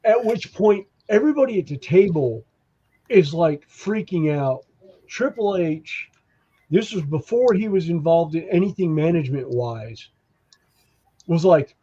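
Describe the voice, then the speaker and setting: A man telling stories in a casual podcast chat, animated and acting out the voices of the people in his stories. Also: fairly high pitch, measured pace, husky, highs cut off. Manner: animated storyteller who acts out quoted voices. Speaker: podcast co-host.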